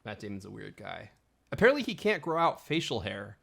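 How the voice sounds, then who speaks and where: Another podcast co-host, this one with a fairly low, gravelly, husky voice that's a bit bright, speaks a little fast in a sing-song way. He chats animatedly and casually about films, laughing a lot and peppering his speech with "like."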